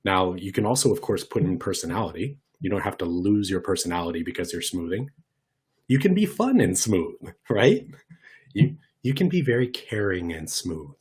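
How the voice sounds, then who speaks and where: Husky man teaching a lively workshop. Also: sits low, normal speed. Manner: lively, conversational, demonstrates voice shifts. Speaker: workshop presenter. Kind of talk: online workshop lesson.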